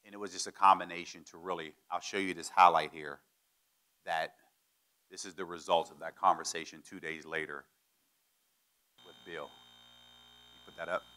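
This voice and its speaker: Bright-voiced man telling a story. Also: low-pitched, normal speed, long pauses. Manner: animated, acts out quoted people. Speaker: guest speaker. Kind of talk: storytelling speech.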